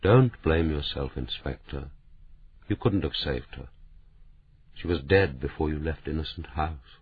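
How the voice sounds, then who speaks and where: A man voicing a cold, vengeful man who speaks quietly and with command, in a storybook reading. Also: extremely low pitch, measured pace, slight background noise. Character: cold vengeful middle-aged man passing judgment. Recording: tinny phone-like sound.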